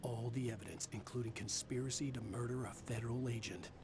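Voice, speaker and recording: An actor playing an unhinged male federal agent who gloats in a hushed voice. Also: mid-range voice, a little fast, soft background music, natural voice. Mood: gloating.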